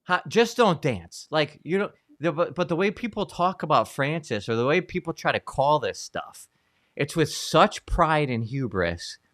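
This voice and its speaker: A man co-hosting a casual talk show, telling stories in an animated way with many fillers and restarts. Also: fairly high pitch, moderate pace, dry recording, studio quality. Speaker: co-host, Catholic psychologist. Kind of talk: casual conversational commentary.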